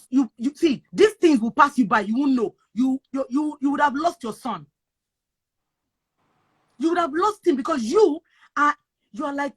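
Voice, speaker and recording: A Nigerian woman with a high-pitched voice talks in casual chat. She is emphatic and repetitive, hammering her points home like a preacher. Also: a bit bright. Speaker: guest sharing advice on moving abroad.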